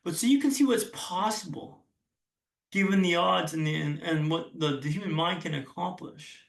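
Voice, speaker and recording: A young man delivers a motivational keynote in a large hall, telling his story earnestly with frequent restarts. His voice sits high with a gravelly edge. The sound is roomy and picked up from some distance away. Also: moderate pace. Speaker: keynote speaker.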